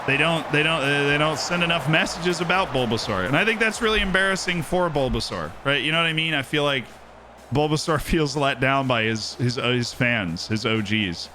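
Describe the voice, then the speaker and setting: A man streaming a game live, commenting on the play and answering chat in a joking, animated way. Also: on the high side, brisk, background noise.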